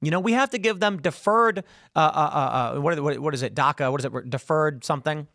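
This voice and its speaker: A man's voice: a little high, fairly quick, creaky, fairly bright tone, no room sound, studio quality. A man hosting live political commentary, talking in a sarcastic, mocking way and slipping into mock voices. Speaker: political show host. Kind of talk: opinionated live-stream commentary.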